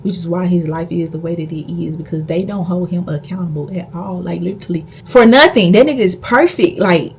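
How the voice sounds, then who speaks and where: Gravelly low-voiced young woman telling a story. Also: brisk, hardly any pauses, slight background noise. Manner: blunt, profane, emphatic storytelling. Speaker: vlogger. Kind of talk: casual storytime.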